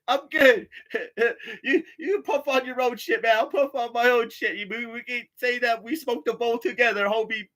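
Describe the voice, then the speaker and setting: A man's voice: very high voice, fairly bright tone. A man telling loose, profane stories in a casual vlog, laughing often and trailing off into fillers. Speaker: vlogger. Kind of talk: casual rambling storytelling.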